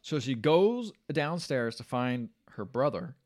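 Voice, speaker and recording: A man's voice: mid-range voice, very animated, slow, darkish tone. A man hosting a podcast, casually recapping a film's plot in a rambling way. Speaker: podcast host. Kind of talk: casual movie discussion.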